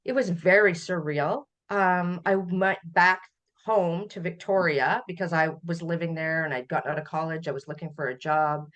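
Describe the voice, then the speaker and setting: A middle-aged Canadian woman, a podcast guest, telling family memories in a relaxed conversational way, often laughing as she recalls. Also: fairly low pitch, normal speed. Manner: warm storytelling, laughs while recalling. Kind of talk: conversational interview.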